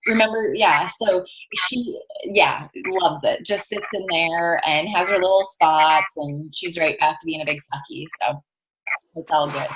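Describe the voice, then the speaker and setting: A woman's voice: low-pitched, unhurried, background noise. A woman hosting a group video call from her house, chatting casually and laughing often through a laptop mic. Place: room in her newly moved-into house.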